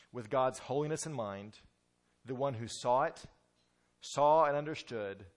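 A male pastor preaching a sermon in an emphatic way, often repeating words as he restarts. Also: mid-range voice.

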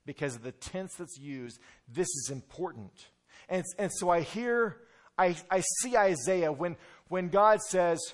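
Male pastor, slightly high pitch, emphatic sermon delivery with restarts. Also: measured pace. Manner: emphatic, repeats words when restarting.

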